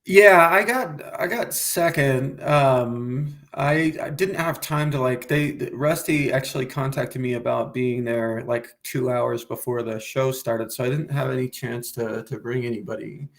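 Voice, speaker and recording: A man's voice: medium pitch, steady tone, unhurried, few pauses, fairly bright tone. A man, a comedian guest, chatting casually on a podcast and rambling through restarts and some swearing.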